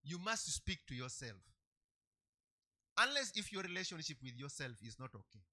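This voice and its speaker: A man preaching a sermon, emphatic, repeating key phrases and swinging between loud and soft. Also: a little high, sing-song, moderate pace.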